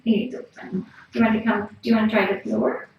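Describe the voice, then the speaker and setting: A woman working at a cat rescue, talking casually to a live stream camera and softly cooing and whispering to a cat. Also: mid-range voice, level tone, rapid-fire, gravelly, lo-fi sound. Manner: soft, cooing baby talk to a cat, often whispered. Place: small room in a cat rescue shelter. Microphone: room camera mic from across the room. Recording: echoey room, voice from far off. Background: faint room noise and cats.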